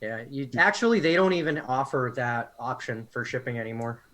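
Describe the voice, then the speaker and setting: A man's voice: mid-range voice, expressive, a little fast, a bit bright. A man chatting casually on a live hobby show, blunt and laid-back, swearing freely. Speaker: co-host. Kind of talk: casual chat.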